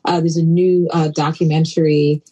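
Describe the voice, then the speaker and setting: Husky, playful woman on a podcast. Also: normal speed, dull audio. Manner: playful, animated, jumps into high exclamations. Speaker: guest diversity consultant. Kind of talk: casual podcast chat. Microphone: call-in app.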